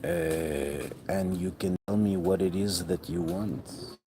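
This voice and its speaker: A man's voice: low-pitched, takes it slowly. A man talking in a rambling, profane monologue that often trails off mid-thought. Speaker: vlogger. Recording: noticeable background noise.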